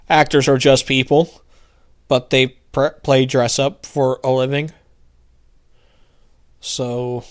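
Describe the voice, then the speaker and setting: Young male host, casual political rant, sarcastic, mocking, loose and rambling. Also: a little high.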